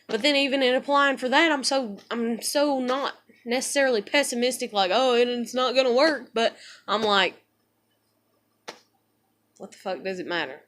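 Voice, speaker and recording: High, bright-voiced woman venting profanely. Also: fairly even intonation, normal speed. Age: 30s. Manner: profane, rambling, frustrated. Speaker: vlogger. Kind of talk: emotional venting monologue.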